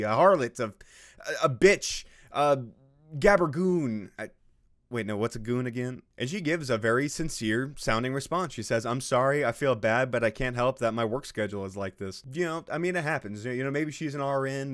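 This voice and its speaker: A man giving casual, sarcastic commentary on a post he is reading, swearing freely and laughing at his own jokes. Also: mid-range voice. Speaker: video host reacting to a social media post.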